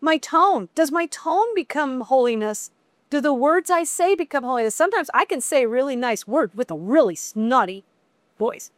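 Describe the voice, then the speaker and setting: A middle-aged woman teaching a women's Bible study in a chatty, conversational way with animated asides. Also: sits high, moderate pace, no room sound.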